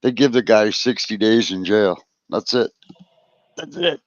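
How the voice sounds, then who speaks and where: A man's voice: fairly low pitch, expressive, unhurried, dry recording, highs cut off. A laid-back man telling a story in a casual chat on a live stream, full of swearing and "man" and "dude.".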